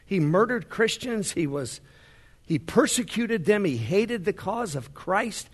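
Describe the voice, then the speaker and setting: A male pastor preaching a sermon in a large worship center, swinging between hushed storytelling and rising fervor. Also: high-pitched, big pitch swings, measured pace, breathy edge.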